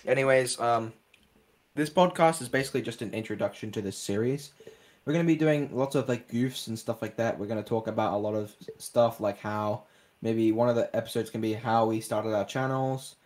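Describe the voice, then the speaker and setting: A man's voice: medium pitch, fairly quick, darkish tone. A young Australian man hosting a casual podcast, rambling and joking with lots of fillers. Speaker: podcast host.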